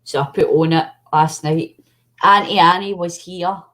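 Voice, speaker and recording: A woman's voice: on the low side, fairly even intonation, measured pace, fairly bright tone. A woman with a Scottish accent chatting casually, telling fond family stories and imitating the people in them. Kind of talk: casual chat.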